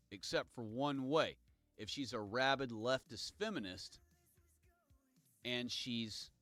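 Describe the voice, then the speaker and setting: A man's voice: lowish voice, a bit bright, dry recording. A man hosting his own livestream, talking in a meandering, digressive way and reading viewer comments aloud. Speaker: livestream host. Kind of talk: rambling solo livestream monologue.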